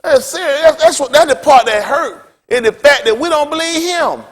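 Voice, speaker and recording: A man's voice: extremely high pitch, expressive, moderate pace. A male pastor preaching a blunt, profane sermon, telling stories with laughter. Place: synagogue hall. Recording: long hall reverb.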